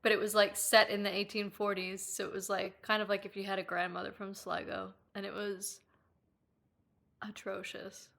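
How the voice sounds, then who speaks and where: A young Irish woman hosting a live stream, chatting casually with viewers and reading their comments, giggling often, swearing freely and squealing when she gets excited. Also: medium pitch, normal speed, gravelly. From Ireland.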